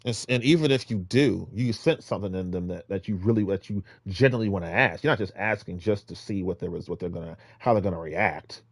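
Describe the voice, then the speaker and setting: Man, casual preaching monologue, rambling, exhorting, loud bursts then muttering, dry close sound. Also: quick pace, hardly any pauses, no room sound. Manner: rambling, exhorting, with many restarts; swings between loud emphatic bursts and low muttering. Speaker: vlogger giving street-preaching advice.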